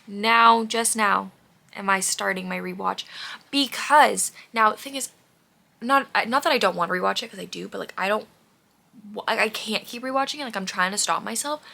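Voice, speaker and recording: A woman vlogs casually in a medium-pitched voice with vocal fry, speaking at normal speed with a bright, forceful tone. Out of breath, she rambles and gushes about what she watches, saying "like" constantly.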